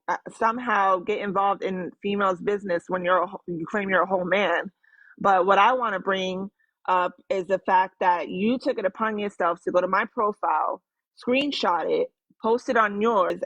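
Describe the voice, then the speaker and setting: A woman's voice: medium pitch, fairly bright tone, no room sound, dull audio. A young woman, a former moderator, confronting someone on a live stream with sarcastic, heated talk.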